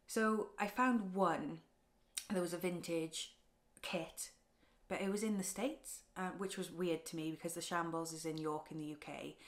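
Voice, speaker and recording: A woman talks through her craft projects in a casual home vlog. Her voice sits a little low, and her delivery is soft and tender, with frequent ums and halting restarts. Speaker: craft vlogger. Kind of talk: casual show-and-tell vlog.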